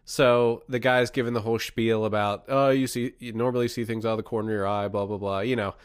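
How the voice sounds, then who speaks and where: A young man on a remote call, a podcast co-host telling a personal ghost story in a casual, animated way. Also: mid-range voice, fast, clean tone, dry recording, studio quality. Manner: animated storyteller, acts out voices in quotes.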